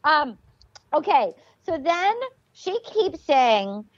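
A woman's voice: high-pitched, sing-song, slow. A woman co-hosting a podcast, chatting casually and bluntly, gossiping and swearing now and then. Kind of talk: casual chat. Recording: slightly dull lo-fi sound.

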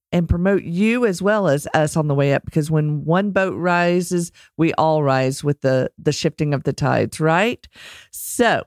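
A woman's voice: low voice, a little mellow, dry recording, studio quality. Chatty Texan woman podcast host. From Texas. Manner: chatty and candid, self-deprecating. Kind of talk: casual solo podcast talk.

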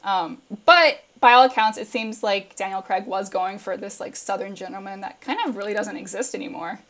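A woman's voice: medium pitch, normal speed, a bit bright. A woman speaking as a guest commentator in casual chat, chatty and full of fillers and laughs.

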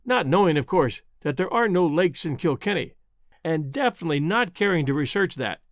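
A man's voice: on the high side, no room sound, studio quality. A man narrating a scripted account in a pointed, sardonic way.

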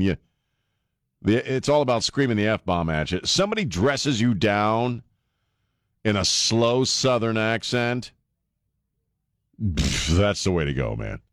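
A man from the northern US hosting a casual talk radio show, rambling with many restarts and excited reactions. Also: on the low side, no room sound, clean studio sound. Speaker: radio host.

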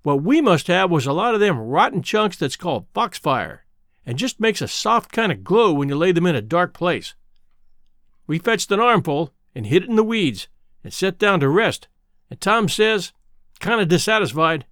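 A man narrates an audiobook in a folksy storytelling dialect. His voice sits high and swings about a lot. The recording is close and dry. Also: sing-song, moderate pace, fairly bright tone, no echo. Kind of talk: audiobook reading.

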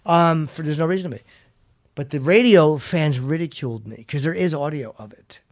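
A man's voice: a little high, normal speed, no room sound, clean studio sound. Self-mocking, rambling male podcast host. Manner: rambling, self-mocking storyteller who swears freely. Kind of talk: casual podcast chat.

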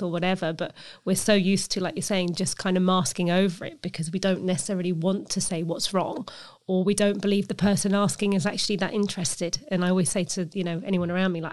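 A woman's voice: fairly low pitch, flat delivery, quick pace, darkish tone. A woman hosting an interview, talking in a reflective, personal way. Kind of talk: conversational interview.

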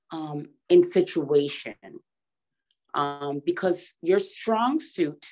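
A woman's voice: fairly low pitch, a little mellow, low-quality recording. A woman co-hosting a casual conversation, making her points with emphatic repetition. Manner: emphatic, repeats words for stress. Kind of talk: casual chat.

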